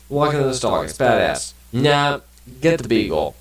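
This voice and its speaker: Relaxed gamer man, roomy distant mic. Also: medium pitch, measured pace. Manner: rambling, swears casually, many fillers. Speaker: let's play gamer. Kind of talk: casual gameplay commentary, reading game text aloud.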